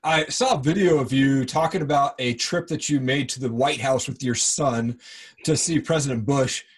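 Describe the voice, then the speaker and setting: A man's voice: mid-range voice, moderate pace, breathy edge. A man in his thirties hosting a podcast interview, laughing often and chiming in eagerly. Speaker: podcast host. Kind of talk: casual interview.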